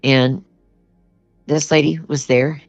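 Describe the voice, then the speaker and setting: Slow and gravelly, an older woman's low voice keeps fairly even intonation as she tells a personal story as a guest. She speaks earnestly and plainly, with many "you know"s, and the lo-fi audio is dull with faint music behind her.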